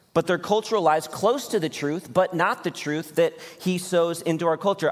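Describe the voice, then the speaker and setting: A man in his thirties preaching a sermon as pastor, talking earnestly and conversationally with direct appeals to his listeners. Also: a little high. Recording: hall reverb.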